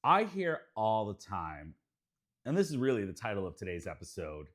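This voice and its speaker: A man's voice: lowish voice, wildly swooping pitch, moderate pace, fairly bright tone. A middle-aged man hosting a podcast in casual chat, playful and jokey with teasing banter. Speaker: podcast host.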